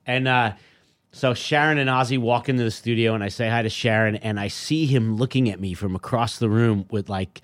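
A man's voice: mid-range voice, fairly quick. A middle-aged man, a podcast guest, telling a story in casual chat and acting out the voices of the people in it. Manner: animated storyteller, acts out quoted voices.

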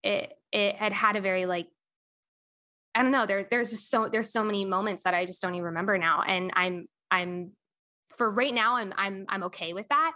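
A young adult woman, a podcast guest and coach, telling a painful personal story candidly, with many pauses and fillers. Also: mid-range voice, pushed and bright.

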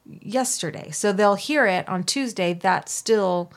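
A woman co-hosting a casual podcast. Her voice is middle-pitched, and she answers in a relaxed, easy way with short replies. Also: takes it slowly. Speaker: podcast co-host. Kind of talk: casual chat.

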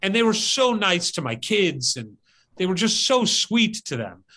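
Podcast host guy, kinda high bright voice, animated storytelling, talking outside. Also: a little slow. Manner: animated, acts out his own story. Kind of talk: casual storytelling. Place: outdoors as rain starts.

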